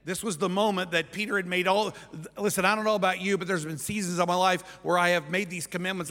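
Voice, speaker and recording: A male pastor delivering a sermon in a loose, conversational way, often checking in with his listeners. His voice sits somewhat high for a man. A long reverb trails behind his words in the church sanctuary. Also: fairly even intonation, quick pace, bright, forceful tone. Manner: conversational preaching, keeps asking 'right?'.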